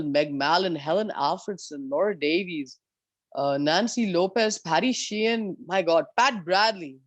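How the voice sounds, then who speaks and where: Woman pro golfer spilling tour stories, lively and blunt, super dry close sound. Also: fairly low pitch, no echo, muffled recording. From India. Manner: animated, candid, swears freely. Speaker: professional golfer guest. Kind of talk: storytelling in an interview.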